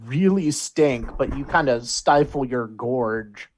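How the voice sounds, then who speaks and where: A man acting as game master in a tabletop game, describing scenes and calling for rolls in an animated way with quick restarts. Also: medium pitch, a little hiss or hum.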